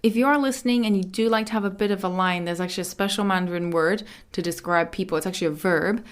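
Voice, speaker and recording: A woman hosting a language lesson podcast, explaining phrases in a chatty way and saying model words slowly and carefully. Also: mid-range voice. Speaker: Mandarin teacher.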